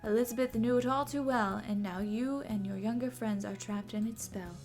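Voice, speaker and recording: Lady doing sweet old granny type, gentle and comforting, bit higher voice. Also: normal speed, faint music behind, close to an everyday voice. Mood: consoling. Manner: gentle, consoling, calls people dear. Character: kindly old woman, motherly and wise.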